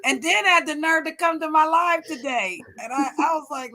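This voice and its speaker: A woman's voice: sits high, moderate pace, pushed and bright. A woman from the United States hosting a livestream, ranting in a brash, profane, combative way. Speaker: livestream host. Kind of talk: heated livestream chat.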